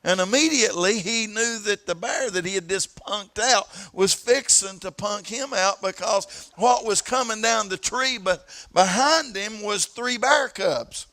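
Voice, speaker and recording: A man preaching with a Southern East Tennessee accent, his voice high and ringing bright. He tells stories from the pulpit, repeating himself as he builds up and stretching out the words he wants to land. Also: measured pace, hardly any pauses. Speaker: pastor. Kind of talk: sermon. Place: church sanctuary.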